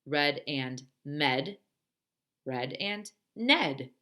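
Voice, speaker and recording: A woman who teaches pre-kindergarten, gently and playfully leading a storytime and rhyming lesson for young children. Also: low voice, expressive, very slow.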